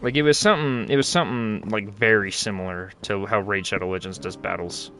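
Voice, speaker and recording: This young man runs a gaming channel and comments casually on his gameplay in a lowish voice that sounds pushed and bright, keeping a brisk pace. He rambles and jokes in slangy terms while game music plays behind him.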